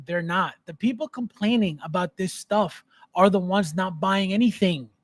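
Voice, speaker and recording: A man's voice: high-pitched, moderate pace. A man hosting a casual livestream, reading chat and ranting bluntly and emphatically about his hobby. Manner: reads chat aloud, laughs often. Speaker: livestream host.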